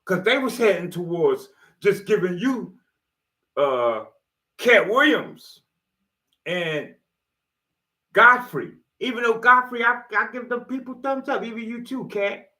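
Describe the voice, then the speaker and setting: Animated, preachy man with a lively voice. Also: high-pitched, slow pace, pauses often. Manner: animated, preachy, swears and jokes freely; slangy, street-style talk. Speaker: motivational video host. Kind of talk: rambling motivational monologue.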